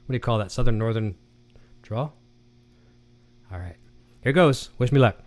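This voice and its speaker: A man's voice: mid-range voice, moderate pace. A man hosting a guitar gear show, chatting casually, telling corny jokes and reading viewer comments aloud on a live stream.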